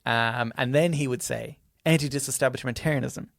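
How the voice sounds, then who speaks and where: A man's voice: medium pitch, gravelly, dry recording. Chatty man, dry close sound. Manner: laughs often, halting storytelling. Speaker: podcast co-host. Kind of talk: casual chat.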